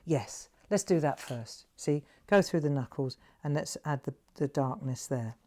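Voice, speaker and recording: Woman craft host, lowish voice, rambling anecdotes full of "right?". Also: animated, measured pace, mellow. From England. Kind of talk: chatty storytelling while demonstrating a craft.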